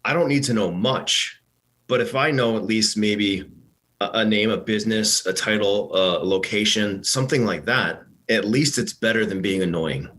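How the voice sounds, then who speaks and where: A man's voice: fairly low pitch, fairly bright tone. A man chatting casually as a podcast guest, telling sales stories with fillers. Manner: talks quickly with fillers, tells anecdotes. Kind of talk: casual conversation.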